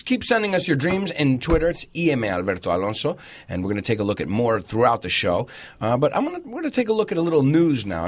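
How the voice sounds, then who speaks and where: Playful, animated male radio host. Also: medium pitch. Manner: playful, laughs often, animated. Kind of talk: casual radio chat, teaching English.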